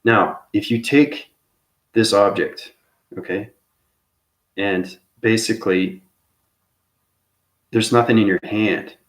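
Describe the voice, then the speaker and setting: Low-voiced man rambling spiritually, tagging "okay?". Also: fairly even intonation, slow pace, pauses often. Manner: repeats "okay?" as a tag after phrases; loose, searching phrasing with restarts. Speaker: channel host.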